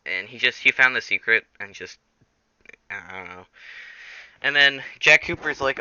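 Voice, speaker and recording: A man's voice: on the low side, normal speed, sharp tone, smooth, dry recording, highs cut off. A man casually telling a rambling story, full of fillers and restarts, acting out the characters. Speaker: storyteller, channel host.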